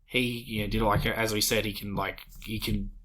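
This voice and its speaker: A man's voice: on the low side, level tone, normal speed, fairly bright tone. A man co-hosting a gaming podcast, eagerly explaining plot points in long run-on sentences. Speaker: podcast co-host. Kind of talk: casual chat about a video game.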